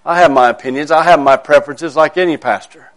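Male minister, earnest, measured, conversational sermon to a church. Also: a little high, a bit bright. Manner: earnest, measured, with emphatic rises. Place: church service.

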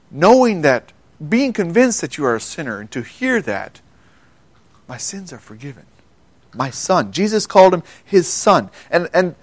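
Male pastor preaching, slightly high voice, earnest and questioning, stumbles over words, dry close sound. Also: no room sound. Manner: earnest, asks the audience questions, quiet for quoted words. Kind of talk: sermon.

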